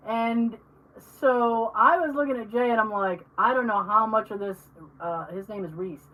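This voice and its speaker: A woman co-hosting a podcast in casual chat, telling animated stories, acting out the people she quotes and swearing freely. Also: fairly high pitch, normal speed, recorded from a distance, highs cut off. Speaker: podcast co-host.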